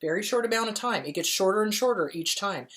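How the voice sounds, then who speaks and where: A woman hosting a question-and-answer show as a therapist, speaking at a middle pitch. She is blunt and emphatic, hammers her points home by repeating them, and talks to the listener in a familiar way, even calling them honey. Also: quick pace. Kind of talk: answering viewer questions, casual advice.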